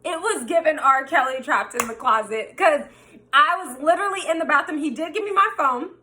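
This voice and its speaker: A woman telling a wild personal story in a casual, animated, profane way, acting out what everyone said. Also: high voice, brisk, a little hiss or hum. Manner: animated, profane, quoting herself.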